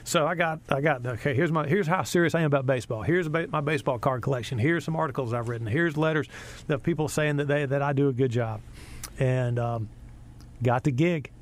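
A man's voice: mid-range voice, a little fast. A middle-aged American sports broadcaster, a man telling a story in an interview and acting out the people he quotes. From USA. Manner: animated storyteller, acts out quotes.

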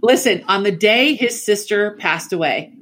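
Middle-aged woman, guest on a chat show, animated storyteller, laughs easily, average pitch. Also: moderate pace. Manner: animated, laughs while telling stories. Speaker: podcast guest. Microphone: remote call mic.

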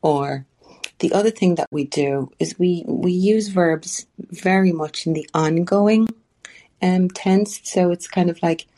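An Irish woman, an author guest, chatting in an animated storytelling way in an interview. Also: on the low side, takes it slowly. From Ireland. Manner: animated storyteller, frequent restarts. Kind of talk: casual interview chat.

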